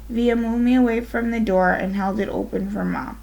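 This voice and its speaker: A woman teacher reading a children's novel aloud to her class, gently and unhurried, now and then correcting herself. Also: medium pitch, fairly even intonation, gravelly, poor audio.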